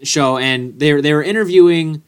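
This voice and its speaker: A man's voice: fairly high pitch, normal speed, clear, resonant tone. A young man co-hosting a casual sports podcast, joking and easily fired up. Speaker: podcast co-host.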